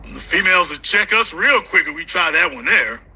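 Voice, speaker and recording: A man hosting a call-in livestream show, chatting casually with loud, teasing, comedic rants. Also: sits high, animated, normal speed, husky, low-quality recording. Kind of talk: casual live-stream chat.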